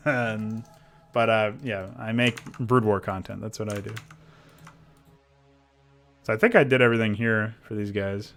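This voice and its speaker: A modding streamer talks casually about design and answers chat while livestreaming his work on a game mod, rambling and restarting often. His man's voice sits on the low side with a steady, fairly bright tone, unhurried and full of long pauses. Faint music plays in the background.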